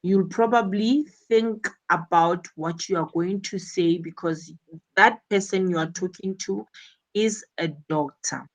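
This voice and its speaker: A woman's voice: lowish voice, measured pace, rough recording. A woman teaching English, explaining a textbook dialogue and repeating her points as she goes.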